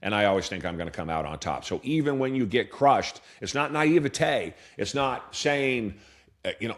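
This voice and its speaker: A man's voice: medium pitch, expressive, normal speed, fairly bright tone. A man in his fifties from Portland, Oregon, a business owner telling candid, earnest stories in an interview, often restarting his sentences. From Portland, Oregon, USA. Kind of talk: reflective storytelling interview answer.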